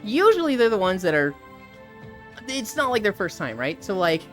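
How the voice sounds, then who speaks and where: A woman's voice: mid-range voice, normal speed, soft background music. A woman hosting a live stream, chatting casually with a guest, swearing freely and greeting chat viewers as she goes. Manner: animated, swears freely, reads chat aloud. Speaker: streamer host.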